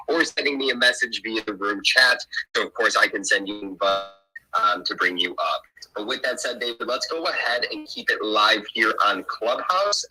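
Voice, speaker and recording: A man with a husky voice moderating a live online room, polite and procedural. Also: lowish voice, bright, forceful tone, poor audio.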